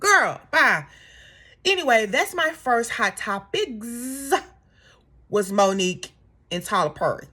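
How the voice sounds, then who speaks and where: A woman's voice: fairly high pitch, lively intonation, slow pace, pauses often, sharp tone, slightly rough. A woman in her thirties giving a sassy, exasperated opinion rant straight to her viewers. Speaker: commentary vlogger.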